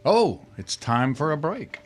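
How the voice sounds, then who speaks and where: A man's voice: fairly high pitch, sing-song, unhurried, faint music behind. A man hosting a radio food show, chatting casually with frequent uh fillers.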